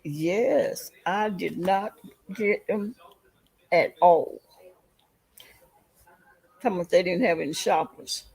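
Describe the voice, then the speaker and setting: A woman hosts a casual livestream chat in an unhurried, gravelly voice. She rambles through her story at an easy pace and keeps stopping to greet her viewers. Her tone is a little husky. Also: fairly low pitch, darkish tone, low-quality recording. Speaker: livestream host.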